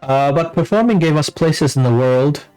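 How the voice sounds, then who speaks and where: A man's voice: on the high side, lively intonation, moderate pace, a little mellow, clean tone, faint music behind, low-quality recording. A man streaming a fantasy role-playing game, reading dialogue aloud and reacting playfully. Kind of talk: casual let's-play commentary.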